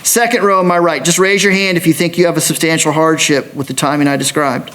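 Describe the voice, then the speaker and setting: A man serving as a judge in a courtroom, explaining jury duty to prospective jurors in a measured, explanatory manner. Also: on the high side, steady tone, a bit bright.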